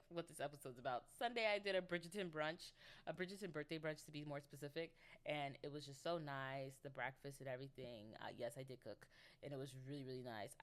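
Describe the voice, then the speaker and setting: A woman in her twenties talks through a solo podcast episode in a loose, chatty way. Her voice sits low for a woman, and she drifts into playful, giggly asides as she rambles. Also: a bit bright, clear, resonant tone. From United States. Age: 20s. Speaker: podcast host. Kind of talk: casual solo chat.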